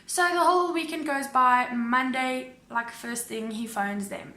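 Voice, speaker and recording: A woman vlogger telling a storytime in a lively way, acting out both sides of phone calls. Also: sits high, measured pace, echoey room. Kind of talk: storytime vlog.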